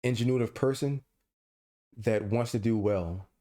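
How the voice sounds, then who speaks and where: A man's voice: mid-range voice, unhurried, dark tone. A man co-hosting a casual podcast, teasing his friend with mock outrage and playful banter over a call. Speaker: podcast co-host.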